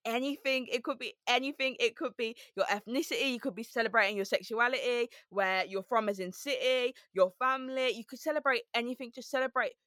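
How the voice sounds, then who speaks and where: A woman from Birmingham whose softened Brummie accent and slight lisp come through in bright, forceful speech pitched a little high. She talks as an interview guest, upbeat and emphatic, often repeating her main points. The sound is close and dry. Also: brisk, few pauses, dry recording. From Birmingham, England. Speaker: podcast guest. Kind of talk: casual interview chat.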